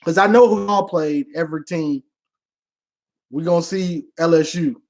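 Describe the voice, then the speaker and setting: A man's voice: on the high side, normal speed. A man answering fan questions in casual, slangy talk, trash-talking and laughing often. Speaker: online sports commentator. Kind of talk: casual live Q&A.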